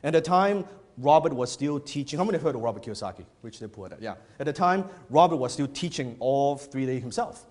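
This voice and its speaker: A male business speaker gives a motivational talk to a live audience in an event hall, telling animated stories with widely swinging pitch. He talks a little fast, bluntly and with casual swearing, repeating phrases for emphasis.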